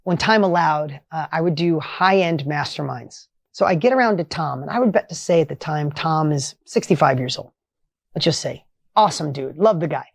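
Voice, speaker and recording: A middle-aged man telling a motivational story with energy and emphasis, his voice rising when excited. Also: fairly high pitch, normal speed, vocal fry, no room sound, studio quality. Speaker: motivational speaker.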